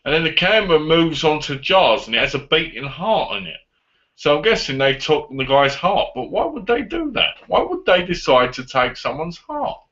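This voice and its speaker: Guy rambling through a movie plot on his vlog, bright edgy voice, kinda muffled recording. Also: a little high, moderate pace. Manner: animated retelling with acted-out quotes. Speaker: movie reviewer. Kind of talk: casual movie review vlog. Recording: dull lo-fi audio.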